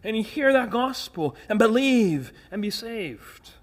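A man's voice: high-pitched, animated, a little slow. A man preaching a sermon, earnest and emphatic, posing rhetorical questions and repeating words as he presses a point. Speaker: pastor.

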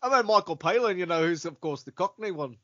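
A man co-hosting a podcast rambles casually in a high, expressive, somewhat bright voice at a quick clip. He leans on lots of "likes," fillers and restarts, and the recording is dry and lo-fi.

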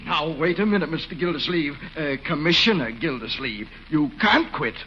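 An actor playing a fussy, awkward small-town mayor in a 1940s radio comedy, flustered and clearing his throat. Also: on the high side, animated, normal speed, pushed and bright. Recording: dull noisy old radio recording.

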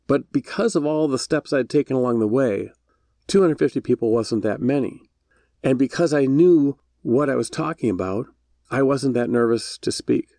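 A man's voice: medium pitch, darkish tone, no echo. Storytelling male podcast host, dry sound. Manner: storytelling, self-deprecating. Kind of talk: solo podcast monologue.

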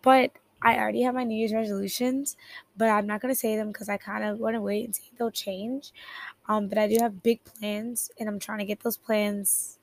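A woman's voice: mid-range voice, steady tone, normal speed. A teenage girl hosting a podcast in a casual chat, rambling, giggling and correcting herself as she talks, at her computer in her bedroom. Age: teens. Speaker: podcast host. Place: bedroom at home. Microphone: headphones at a computer keyboard.

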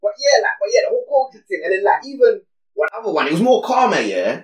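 A young man, co-hosting a podcast and telling stories in animated slang. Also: high-pitched, fast. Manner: animated slang-heavy storytelling, repeats "exactly". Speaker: podcast co-host. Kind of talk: casual chat. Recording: echoey room, voice a bit off-mic.

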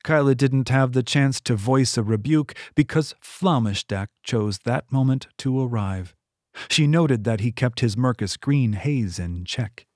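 A man reading his own novel aloud in steady audiobook narration. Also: medium pitch, measured pace, no echo, studio quality. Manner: steady, even storytelling.

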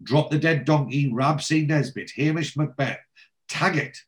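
A man's voice: on the high side, measured pace. Chatty man recapping a show. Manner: chatty, storytelling, acts out scenes. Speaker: podcast host. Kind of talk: casual episode recap.

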